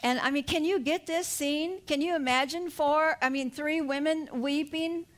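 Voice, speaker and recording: An older woman delivers a sermon in a high, light voice. She tells the story in a lively, animated way and laughs now and then. She presses each point home with emphatic appeals to her listeners. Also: normal speed. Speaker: preacher.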